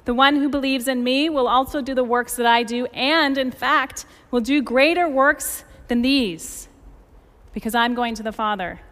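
A woman in her forties preaching a sermon, telling stories with lively emphasis. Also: on the high side. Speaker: pastor. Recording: long hall reverb.

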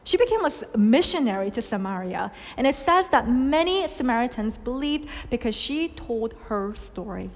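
Lady preacher, kinda high voice, storytelling sermon, long echo like a big church. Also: big pitch swings, normal speed, hardly any pauses. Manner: storytelling, questions, soft dips for quoted lines. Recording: long hall reverb.

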